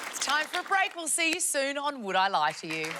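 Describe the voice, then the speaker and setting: A woman hosting a TV panel game, brisk and wry as she moves the show along. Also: high-pitched, big pitch swings, over a noisy crowd, heavy background noise. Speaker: host.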